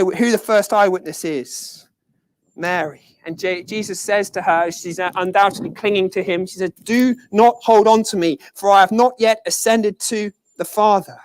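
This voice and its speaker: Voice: mid-range voice, dry recording. A preacher giving a conversational sermon, earnest and emphatic, often repeating key phrases.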